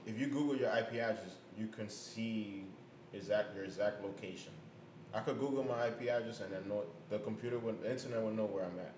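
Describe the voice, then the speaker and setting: A young man in casual chat, talking in emphatic slang and laughing loudly. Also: on the low side, a little fast. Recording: echoey room, faint noise.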